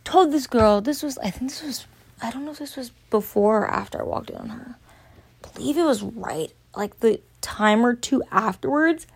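Young woman, fairly high voice, casual profane storyteller who rambles, podcast host. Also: moderate pace, creaky, slightly rough, no room sound. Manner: profane, rambling, animated anecdotes.

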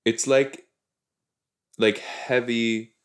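Guy chatting slowly thru a show reaction, rambly, keeps cutting himself off, mid pitch. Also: little pitch movement, smooth. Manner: chatty, rambling, exclaiming with frequent self-interruptions. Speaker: podcast host reacting to a TV episode. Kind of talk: casual reaction commentary.

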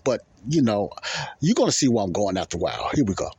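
A man's voice: fairly low pitch, sing-song, fast, warm tone, slightly rough, no room sound. A middle-aged man hosting a podcast, talking loosely and repeating himself as he comments on video clips. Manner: loose, repetitive, keeps asking if you understand. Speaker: podcast host.

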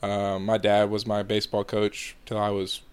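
A young man from Georgia answering interview questions in a relaxed, halting way with lots of fillers. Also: fairly low pitch, clean tone. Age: young adult. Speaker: college baseball player, guest.

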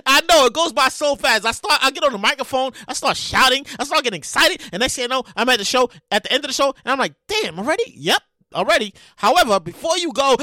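A podcast host, heard as a woman, ranting excitedly, often stammering and repeating herself, sometimes shouting and making dramatic outbursts. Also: high-pitched, quick pace, no room sound. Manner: sound effects and dramatic outbursts. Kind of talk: excitable comedic rant.

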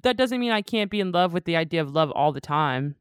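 Woman, casual co-host chat, rapid and lively, dry and close. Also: fairly low pitch, clean tone, no room sound. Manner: fast, animated, talks over others. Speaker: podcast co-host.

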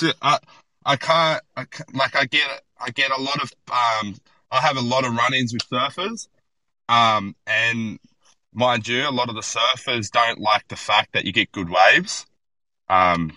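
Bright-toned blunt Australian guy. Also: on the low side, dry recording, low-quality recording. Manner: blunt, profane, animated storytelling. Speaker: podcast guest, bodyboarder. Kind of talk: casual podcast chat.

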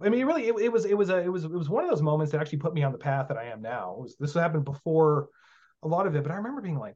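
Blunt, profane man with higher pitch. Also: animated, rapid-fire, darkish tone. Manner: blunt, profane, acts out dialogue. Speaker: guest teaching magic. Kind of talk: casual podcast conversation. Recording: dull lo-fi sound.

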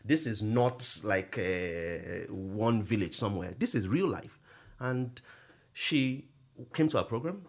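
A middle-aged man, a guest in a podcast interview, telling stories in an animated way and laughing often. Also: lowish voice, takes it slowly, creaky. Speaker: guest, nonprofit executive director.

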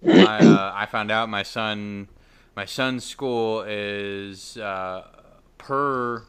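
A man's voice: fairly low pitch, extremely slow, smooth. A man hosting a podcast in casual chat, blunt and swearing freely, with a laugh. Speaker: podcast host.

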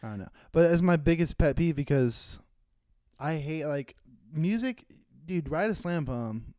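A man's voice: on the high side, animated, unhurried, darkish tone, no room sound, studio quality. A young man co-hosting a podcast, joking around in crude casual banter and laughing often. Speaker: podcast co-host.

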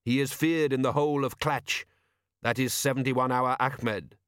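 A man reading an audiobook, voicing a calm older immigrant father who speaks in a formal, measured way. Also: medium pitch, clear, resonant tone, dry recording, clean studio sound, close to an everyday voice. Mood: grave.

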